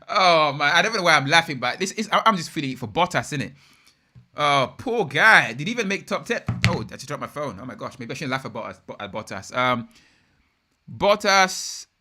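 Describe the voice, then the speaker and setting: Excitable young man, bright voice. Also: mid-range voice, brisk. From United Kingdom. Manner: excitable, slangy, chatty with viewers. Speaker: live stream host. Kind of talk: live race watch-along commentary.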